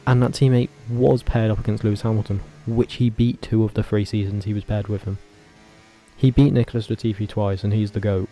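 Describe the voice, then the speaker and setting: Vlogger man, lowish mellow voice, casual rambling commentary with restless self-corrections. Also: fairly even intonation, brisk.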